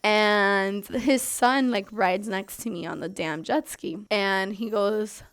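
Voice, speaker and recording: A young adult woman vlogger telling a story in a casual, animated, exasperated way. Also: medium pitch, slow pace, clear, resonant tone.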